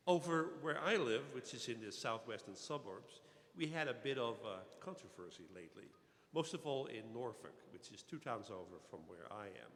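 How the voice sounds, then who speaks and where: Guy preaching a sermon, mid pitch, long echo off the cathedral walls. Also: expressive, fairly bright tone. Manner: measured, pausing with fillers, rising emphasis on key phrases. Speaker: deacon and archdeacon preaching.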